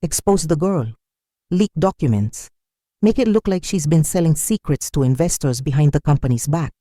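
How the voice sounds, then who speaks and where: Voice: mid-range voice, expressive, moderate pace, mellow, no echo, lightly acted. Scheming executive man, ruthless, cold, read by a narrator, dry sound. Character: scheming senior male executive, bitter and ruthless.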